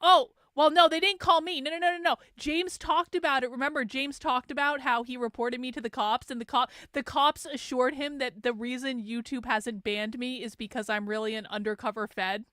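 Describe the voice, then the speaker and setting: A woman's voice: high-pitched, steady tone, moderate pace, hardly any pauses, sharp tone, dry recording, clean studio sound. A woman hosting a show, giving profane, emphatic political commentary with laughing asides. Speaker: host.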